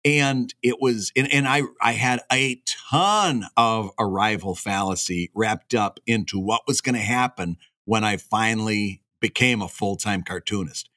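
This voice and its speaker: A man co-hosting a casual podcast chat about cartooning, talking in a reflective, halting way. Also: lowish voice, pushed and bright, no echo, studio quality.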